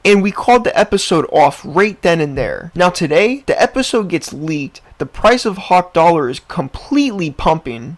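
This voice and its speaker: Animated high-voiced man ranting commentary. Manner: animated, exasperated, ranting at viewers. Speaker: commentary channel host. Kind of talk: reaction commentary vlog.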